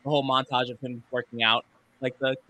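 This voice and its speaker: Bright-voiced man rambling through a review. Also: mid-range voice, level tone, a little fast. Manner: rambling, hesitant, lots of fillers. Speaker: podcast co-host. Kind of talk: casual podcast review.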